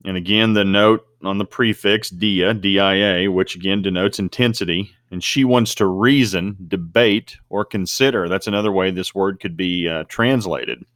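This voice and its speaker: A man teaching a Bible study lesson, slowing down to stress Greek words. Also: low-pitched, a bit bright, no room sound, clean studio sound. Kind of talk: scripture study talk. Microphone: desk mic at a computer screen recording.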